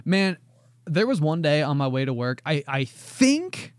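A man co-hosting a podcast, telling stories in a rambling, animated casual chat. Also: a little high, unhurried, no echo, studio quality. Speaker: podcast co-host.

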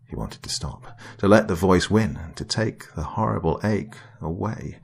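A man narrating a dark story in a measured, brooding way. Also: sits low, vocal fry, husky.

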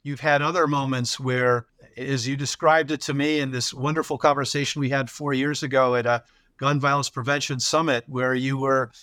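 A man hosting a podcast interview, asking questions in an unhurried way with brief affirming interjections. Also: mid-range voice, little pitch movement, fairly bright tone, no echo. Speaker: podcast host. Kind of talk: conversational interviewing.

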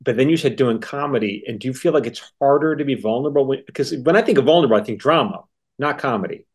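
A man hosting a casual interview podcast, probing his guest with questions. He talks haltingly, restarting and rephrasing as he searches for the right words. His pitch is ordinary, neither high nor low. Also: lively intonation. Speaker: podcast host.

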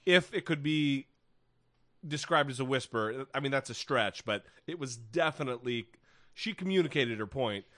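A man's voice: mid-range voice, expressive, moderate pace, fairly bright tone, no echo. Wry, rambling man podcasting. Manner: rambling, wry, swears freely, many restarts. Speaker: podcast co-host. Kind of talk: casual chat.

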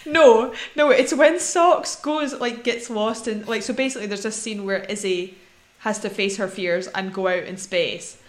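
A woman's voice: mid-range voice, moderate pace. A woman co-hosting a casual film podcast, talking in a chatty, rambling way and laughing often. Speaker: podcast co-host. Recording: echoey room.

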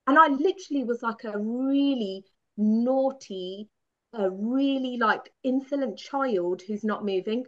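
A woman guest from the UK telling a candid story with animated, laughing self-mockery. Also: on the high side, a little slow. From United Kingdom. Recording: dull lo-fi sound.

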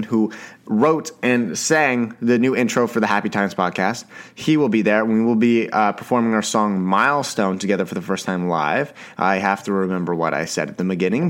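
A young man from Canada hosting a solo podcast in a casual chatty way, talking fast, stumbling over words and swearing now and then. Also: lowish voice. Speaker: podcast host.

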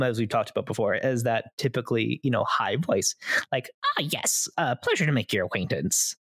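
In studio-quality audio with no room sound, a young game master hosting a tabletop-gaming podcast chats casually and rambles, leaning on lots of fillers. His voice sits in the mid range.

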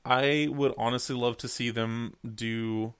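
A man co-hosting a podcast, talking in an excitable, profane way and laughing often. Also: mid-range voice, unhurried, clear, resonant tone. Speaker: podcast co-host. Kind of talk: casual chat.

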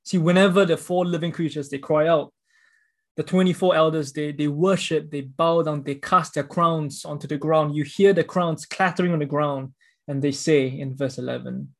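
A man's voice: on the high side, fairly even intonation, moderate pace, gravelly. A man preaching a sermon, reading scripture and explaining it in an earnest, emphatic way with repeated words.

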